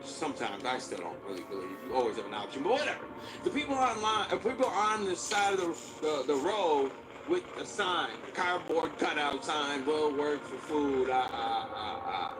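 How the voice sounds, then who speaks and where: A man's voice: fairly high pitch, very animated, normal speed, rough recording. Emphatic ranting man streamer. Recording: loud game music behind voice.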